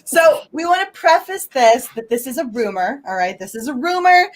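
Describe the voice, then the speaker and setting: Brief: brash, laughing female co-host, high and very animated. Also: moderate pace. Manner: loud, laughing, brash swearing. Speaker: podcast co-host. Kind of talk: casual profane podcast chat.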